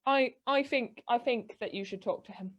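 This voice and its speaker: A woman's voice: fairly high pitch, moderate pace, dull audio, lightly acted. A woman playing a paranoid cousin who argues insistently in a live improv comedy scene. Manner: insistent, argumentative. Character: paranoid, accusing cousin afraid of dinosaurs. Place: live stage show.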